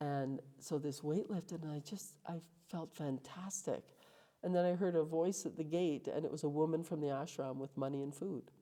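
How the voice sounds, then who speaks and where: Low, mellow-voiced woman telling her story. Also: normal speed. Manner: emotional, vivid retelling with acted quotes. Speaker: guest. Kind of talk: storytelling interview.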